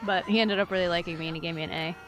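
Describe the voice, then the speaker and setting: A woman's voice: lowish voice, fairly even intonation, rapid-fire, noisy background. A young woman chatting on a gaming stream, telling school stories with light laughs. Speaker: streamer co-host. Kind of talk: casual gaming stream chat.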